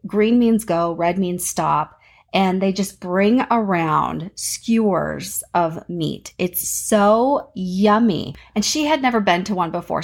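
A woman in her thirties hosting a podcast, chatting casually about her week in an animated storytelling voice that jumps up in pitch when she gets excited. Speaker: podcast host.

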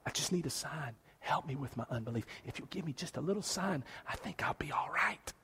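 A man's voice: high voice, steady tone, moderate pace, fairly bright tone, big-room sound, pitched above the performer's own voice. A preacher acting out a desperate father, pleading. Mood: whispered pleading. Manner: pleading, pouring out words, stammering. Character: desperate father pleading for his sick son.

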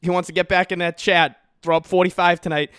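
A man's voice: high voice, level tone, a little fast, a bit bright, clear, resonant tone, no echo, studio quality. A young man hosting a casual solo podcast from home, brash and profane, rambling with lots of "dude" and "okay". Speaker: comedian podcast host. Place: his own home.

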